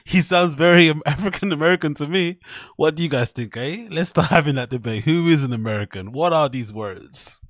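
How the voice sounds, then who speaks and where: A man hosting a podcast, reacting to a clip in casual, animated commentary full of swearing and mocking quotes. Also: fairly high pitch, fairly quick, dry recording, studio quality. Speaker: podcast host reacting to clips.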